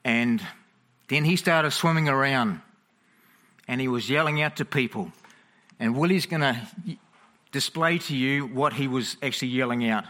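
A chatty male preacher with a bright, forward voice, speaking in an animated way. He keeps stopping to check that the congregation is following him. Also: medium pitch, moderate pace, long pauses. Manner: chatty, animated, frequent "okay?" check-ins. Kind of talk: sermon to a congregation.

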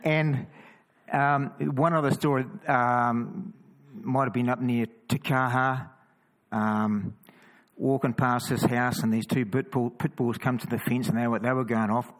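A man with a New Zealand accent, casually telling stories of walking the roads with a cross, full of quick restarts and chatty asides. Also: medium pitch, flat delivery, rough recording. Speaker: cross-carrying Christian walker. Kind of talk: casual storytelling testimony.

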